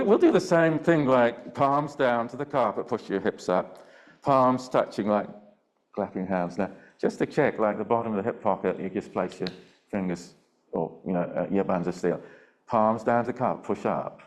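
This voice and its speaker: Calm older man cueing a Pilates class. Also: on the low side, moderate pace. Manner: calm, gentle cueing with frequent check-ins. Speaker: Pilates instructor. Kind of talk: live online class instruction. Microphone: video call.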